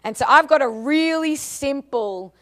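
A woman's voice: high voice, lively intonation, a little slow, a bit bright. A woman with an Australian accent, speaking as a guest speaker at church in a bubbly, chatty way that often breaks into laughter. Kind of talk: church talk to a congregation.

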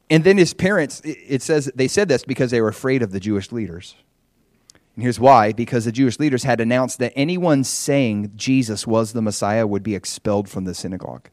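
A middle-aged man preaches in a loose, conversational way. He leaps into the voices of the people in the story, rising sharply in pitch for their exclamations. The sound is dry and close. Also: quick pace, no room sound. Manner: animated, acts out quoted voices, conversational asides. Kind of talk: sermon retelling a scripture story.

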